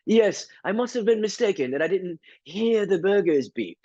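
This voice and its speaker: A man's voice: high-pitched, lively intonation, normal speed, mellow, no echo, voice pushed up. A prim young woman cashier, as a man puts her on, very proper and oddly formal. The voice sits far above his own and sounds thin and set back. The recording is dry and a little dull. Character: prim young woman fast-food cashier, British-tinged.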